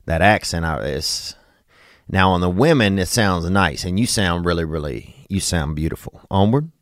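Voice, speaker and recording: A man's voice: low voice, normal speed, dry recording, studio quality. A man, hosting a podcast in a laid-back, rambling, joking way. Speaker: podcast host. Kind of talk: casual podcast chat and ad read.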